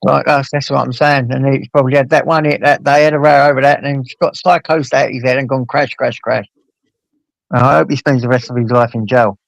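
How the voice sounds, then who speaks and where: A man hosting a casual chat, talking bluntly with plenty of swearing and lively storytelling. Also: mid-range voice, a little fast, gravelly, no echo, low-quality recording. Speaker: host.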